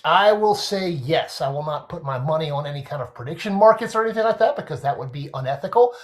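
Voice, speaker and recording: A man, a guest sports writer, talking in a casual podcast discussion and explaining things in an animated way with everyday comparisons. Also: on the high side, fast.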